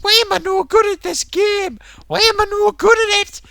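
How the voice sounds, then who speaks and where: A man putting on an excitable male streamer who gushes cheerfully and then rants and shouts. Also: very high-pitched, measured pace, voice pushed up, heavily acted. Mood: raging. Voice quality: squealing, shouting.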